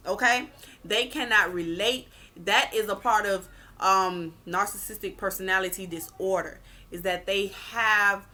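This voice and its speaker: Woman vlogger, blunt emphatic advice rant, bright edgy tone, swears freely. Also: medium pitch. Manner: blunt and emphatic, swears, repeats points for stress; animated, acts out quoted people. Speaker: vlogger giving relationship advice. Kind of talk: casual advice rant to camera.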